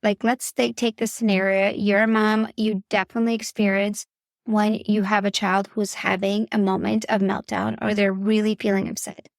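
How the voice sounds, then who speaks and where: A woman's voice: mid-range voice, little pitch movement, moderate pace, gravelly, no echo, studio quality. A woman podcast host and parenting coach giving earnest, faith-based coaching talk straight to the listener. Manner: earnest, instructive, addresses listener directly.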